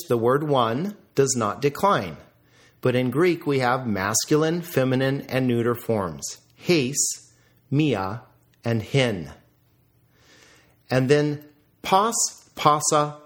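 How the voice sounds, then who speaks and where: A man teaching, reviewing vocabulary in a deliberate lecture style with careful pronunciation drills. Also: mid-range voice, fairly bright tone.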